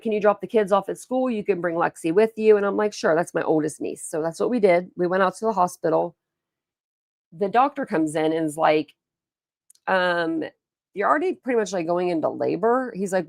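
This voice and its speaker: A young woman hosts a livestream, reading and answering her chat while telling rambling stories in a casual, chatty way. Her voice is on the low side and gravelly, recorded with studio quality and no echo.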